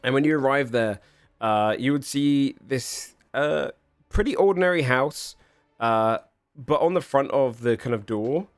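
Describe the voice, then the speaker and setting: A man's voice: mid-range voice, a little slow, clear, resonant tone, dry recording. A man narrating as game master, rambling with lots of filler sounds as he describes scenes. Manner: rambling, many fillers and restarts.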